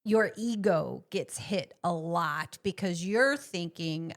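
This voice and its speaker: A woman's voice: lowish voice, animated, takes it slowly, hardly any pauses, a bit bright. A woman co-hosting a podcast, chatting casually and asking her guest questions. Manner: chatty, asks follow-up questions. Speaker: podcast co-host. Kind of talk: casual interview chat.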